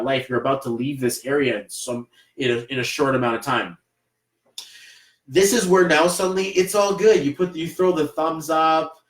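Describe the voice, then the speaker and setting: A man's voice: a little high, roomy sound, low-quality recording. A man with a Canadian accent doing a live numerology reading, rambling and encouraging, with many fillers. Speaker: numerology reader. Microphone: livestream camera mic.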